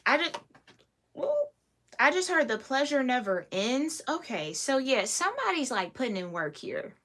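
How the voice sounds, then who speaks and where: Bright-voiced chatty woman tarot reader. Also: high-pitched, very animated, moderate pace. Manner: chatty, laughs often, slangy. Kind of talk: casual tarot reading podcast.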